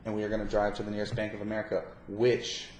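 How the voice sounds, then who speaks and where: A man's voice: lowish voice, completely flat delivery, quick pace, a little mellow. A man telling a story in a casual, rambling way, full of stammered restarts and swearing when he gets worked up. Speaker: podcast guest telling a story. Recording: echoey room with faint noise.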